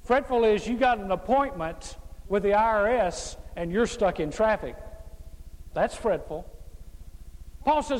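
Emphatic high-voiced preacher in a reverberant hall. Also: male voice, expressive, normal speed. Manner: emphatic preaching with repeated refrains and humor. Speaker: pastor. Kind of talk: sermon.

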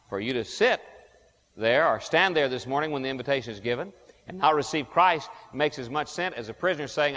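A man's voice: medium pitch, animated, bright, forceful tone. Preaching man in a reverberant church. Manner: preaching with call-and-response questions to the congregation; slow, emphatic stresses on key words. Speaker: pastor. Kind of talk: sermon. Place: church sanctuary. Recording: long hall reverb.

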